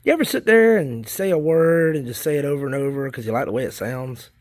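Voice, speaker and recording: A man's voice: mid-range voice, brisk, no room sound. A man, chatting casually and folksily as he films his worm bins. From South Carolina, United States. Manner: rambling, folksy, easily excited. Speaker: worm farming vlogger. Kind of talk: casual chat while filming.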